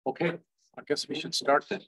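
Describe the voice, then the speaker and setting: A man's voice: a little high, brisk, a bit bright, husky, poor audio. A man chairing a city commission meeting, hesitant with many fillers and restarts.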